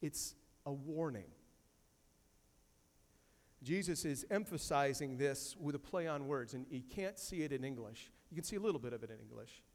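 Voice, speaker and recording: A man's voice: medium pitch, animated, normal speed, a little mellow, big-room sound. A man preaching a sermon as pastor, emphatic, repeating key phrases and quoting scripture from a church sanctuary.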